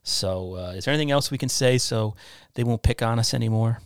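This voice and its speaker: A man's voice: mid-range voice, fairly quick, clean tone, no room sound. A middle-aged man from the New York area hosts a podcast in loose, rambling talk. He is self-deprecating and restarts his sentences often. The recording is dry and close. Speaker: podcast host.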